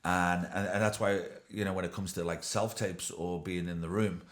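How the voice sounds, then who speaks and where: Male actor host, very low voice, easygoing and agreeable. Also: steady tone, moderate pace. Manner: agreeable, frequent "yeah" backchannels. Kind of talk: casual chat.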